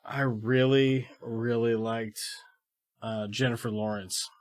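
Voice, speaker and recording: A man co-hosts a podcast, chatting casually with a loose, profane sense of humor. His voice sits at an ordinary middle pitch. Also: fairly even intonation, slow pace. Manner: profane, joking banter. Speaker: podcast co-host. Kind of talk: casual chat.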